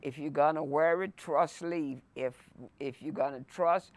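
A woman pastor leading a Bible lesson, reading scripture aloud and preaching with slow emphasis and repetition. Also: sits low, a little mellow. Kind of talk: sermon-style Bible lesson. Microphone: no mic, by her own words.

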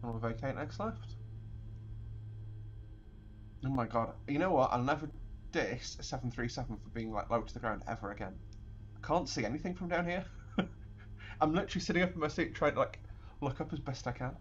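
A young flight sim streamer gives casual gameplay commentary, rambling and explaining as he flies, laughing and restarting his sentences often. His mid-range, expressive voice runs a little fast, and the audio is dull with slight background noise.

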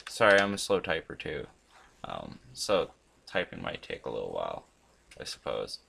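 A man hosting a gaming channel, chatting casually and rambling as he plays, swearing often and breaking into sudden loud outbursts. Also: deep voice, big pitch swings, unhurried, gravelly, pauses often, slight background noise. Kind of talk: casual commentary while playing a chatbot.

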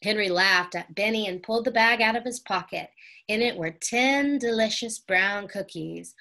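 A woman reading a children's chapter book aloud in a gentle, unhurried way. Her voice sits at an ordinary middle pitch, calm and clear for young listeners. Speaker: audiobook reader.

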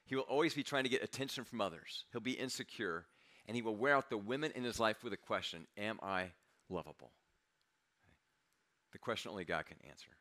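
A man's voice: medium pitch, lively intonation, fast talker, fairly bright tone. A middle-aged American man preaching a sermon as pastor, conversational and confessional, sometimes dropping to a near-whisper.

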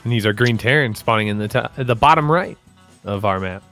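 A man's voice: lowish voice, brisk, fairly bright tone, soft background music. A man co-casting a game tournament in a friendly, upbeat way. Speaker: co-caster. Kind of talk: casual game commentary.

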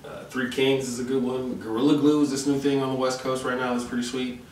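A man's voice: mid-range voice, level tone, brisk, darkish tone. A man chatting casually in an interview, laid-back and joking, with many fillers. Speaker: interviewee, comedian. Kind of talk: casual chat. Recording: roomy echo, distant mic, faint noise.

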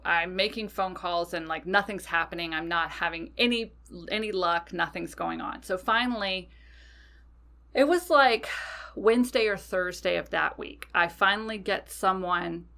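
A woman's voice: fairly low pitch, vocal fry, sharp tone. A woman hosting a podcast, telling a personal story casually and animatedly, swearing freely. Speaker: podcast host.

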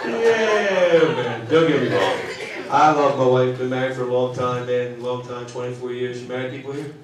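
A middle-aged stand-up comedian performs live on a theater stage, his mid-range voice moving at a moderate pace. He's chatty and self-mocking as he teases the crowd, recorded from far off in an echoey theater with audience laughter filling the noisy background.

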